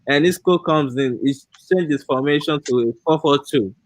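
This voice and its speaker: A man's voice: a little high, normal speed, no echo, poor audio. A man co-hosting a casual football podcast, rambling through his explanations with many fillers.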